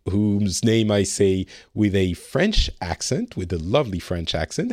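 Animated laughing male podcast host. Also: a little slow, hardly any pauses, dry recording, studio quality. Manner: animated, laughs often, pitch jumps up when excited. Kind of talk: casual chat.

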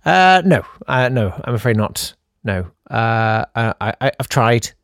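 A man hosts a podcast and reads listener messages in a lively, swooping voice that climbs into mock outrage and drops back down. His delivery is self-deprecating and playfully theatrical, recorded close and dry with no room sound. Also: medium pitch, takes it slowly, clear, resonant tone, no room sound. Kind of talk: casual chat.

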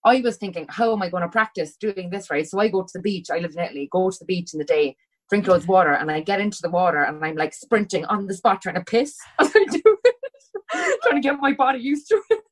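A woman's voice: medium pitch, animated, quick pace, rough recording. A woman with a Cork Irish accent, a podcast guest animatedly telling a story in casual chat, swearing freely and acting out both sides of the dialogue.

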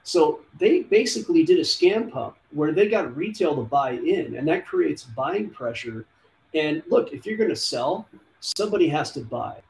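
A man's voice: on the high side, animated, normal speed, vocal fry, darkish tone. A man hosting a casual talk show about markets, rambling and thinking aloud while he walks through charts. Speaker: host. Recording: roomy with faint background noise.

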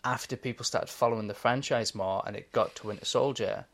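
A man's voice: lowish voice, fairly even intonation, a little fast, vocal fry, a bit bright. A young man co-hosting a podcast, talking enthusiastically and casually, swearing now and then and laughing often. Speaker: podcast co-host. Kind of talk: casual chat.

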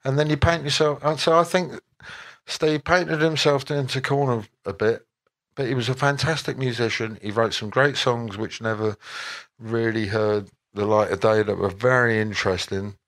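An older man, a musician guest at a Q&A, giving relaxed and rambling answers with wry asides and frequent self-corrections. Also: mid-range voice, moderate pace.

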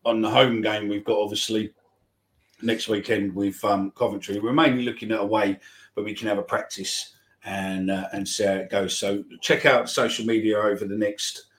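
Man, podcast host, low voice, casual chat, rambling announcements. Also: level tone, moderate pace.

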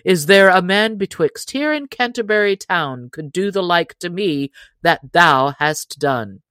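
A woman voicing a hearty, laughing outlaw man in an audiobook, speaking loud, jovial old-fashioned lines. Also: fairly low pitch, lively intonation, unhurried, no echo.

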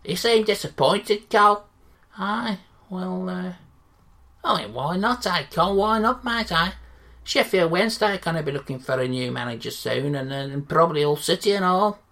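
A woman voicing a pushy male sports radio reporter in a comedy sketch, who talks loudly and gushes. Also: lowish voice, expressive, moderate pace. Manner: loud, gushing, pushy.

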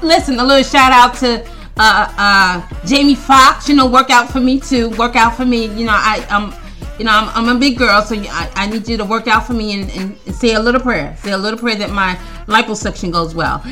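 A woman's voice: fairly high pitch, brisk, sharp tone, faint music behind. A woman hosting a casual solo podcast, rambling and stammering with frequent laughter. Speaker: podcast host.

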